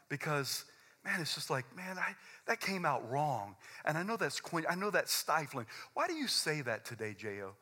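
A middle-aged pastor delivers a sermon in an intense, conversational style with a husky voice. He moves from loud, fervent peaks to low, quiet asides and stammers as he restarts phrases.

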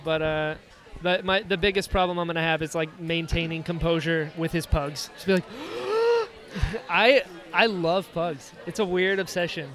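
A man with a high voice hosting a podcast in easygoing chat. He sounds enthusiastic and laughs often. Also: steady tone, moderate pace, a bit bright, faint music behind. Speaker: podcast host.

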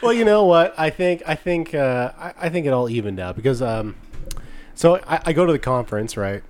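A man's voice: on the high side, lively intonation, fairly quick, darkish tone. A man in his thirties co-hosting a podcast, telling a long story in casual chat with lots of restarts. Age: 30s. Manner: rambling storyteller, many restarts. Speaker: podcast co-host.

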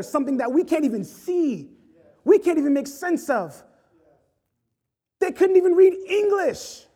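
A man's voice: very high-pitched, dark tone. A man preaching an impassioned sermon, rising and falling in intensity. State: choked up with emotion.

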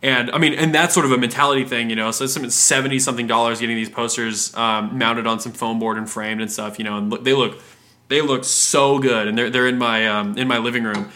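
A man's voice: mid-range voice, steady tone, brisk, bright, forceful tone. A man in casual conversation, talking in a rambling way with lots of fillers and acting out other people's lines. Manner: rambling, filler-heavy, acts out customer voices. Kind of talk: casual chat.

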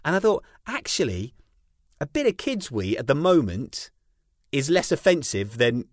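A man's voice: mid-range voice, normal speed, dry recording, clean studio sound. A British man co-hosting a casual podcast chat. He tells stories with energy and acts out the voices of the people in them. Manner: animated storyteller, acts out voices. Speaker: podcast co-host.

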